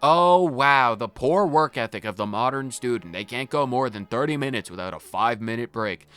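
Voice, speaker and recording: A man's voice: mid-range voice, lively intonation, normal speed, fairly bright tone, smooth. A man hosting a video game playthrough, joking around and chatting goofily with the game's characters. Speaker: let's play host.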